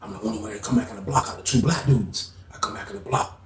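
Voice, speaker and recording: A man's voice: fairly low pitch, quick pace, echoey room, very noisy. A man casually telling a story from his time in jail, swearing freely and often asking "you know what I mean".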